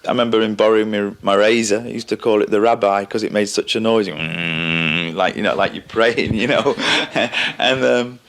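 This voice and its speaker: An older man reminiscing casually in an interview, halting and repeating words, often chuckling. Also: lowish voice, fairly even intonation, fairly bright tone. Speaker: interviewee, band member.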